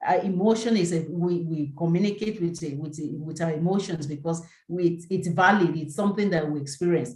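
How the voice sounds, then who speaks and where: A woman's voice: on the low side, a little fast, few pauses, darkish tone, roomy sound, poor audio. A woman presenting a relationship seminar in a live teaching talk, earnest and peppered with "you know".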